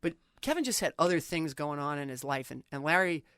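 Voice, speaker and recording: A middle-aged woman sportswriter, an animated storyteller, talking casually as an interview guest. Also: low-pitched, smooth, no echo, clean studio sound. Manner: animated storyteller, quick and talkative.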